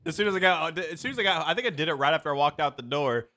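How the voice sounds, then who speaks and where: A man co-hosts a podcast in goofy, playful talk. His voice runs fairly high and moves all over. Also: animated, very fast, pushed and bright. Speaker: podcast co-host. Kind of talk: casual chat.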